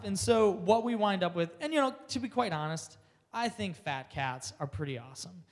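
A man telling a comic personal story to an audience, animated and laughing along as he goes. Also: high voice, normal speed, big-room sound. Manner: animated, laughs through his own story.

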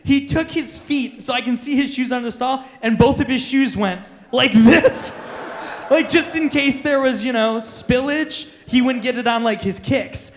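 A man speaking at a youth conference in a notably high-pitched voice. He tells self-deprecating stories with lots of energy and laughs through the funny parts. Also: normal speed, long reverb tail, a little hiss or hum. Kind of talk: storytelling talk to teens.

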